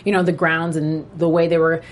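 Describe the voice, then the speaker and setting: A woman co-hosting a casual TV recap chat, animated and laughing, acting out scenes in quoted voices. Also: deep voice, brisk. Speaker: podcast co-host.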